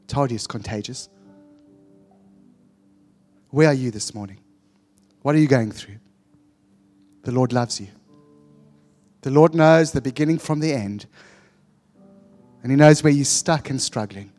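A man's voice: medium pitch, a little slow, pauses often, a little mellow. A man preaching as a pastor, encouraging and exhorting the congregation. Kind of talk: sermon. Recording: long hall reverb with faint music.

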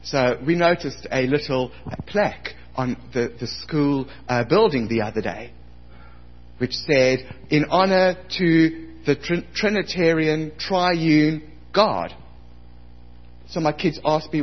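A man's voice: fairly high pitch, slow pace. A man in his forties preaching a sermon as pastor, telling stories and acting out his own past outbursts. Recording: dull lo-fi recording.

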